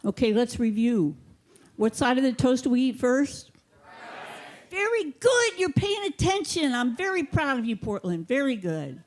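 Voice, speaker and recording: On a theater stage, a woman does stand-up comedy into a handheld mic, delivering jokes deadpan with a mock-authoritative air. Her voice is on the high side and moderately paced.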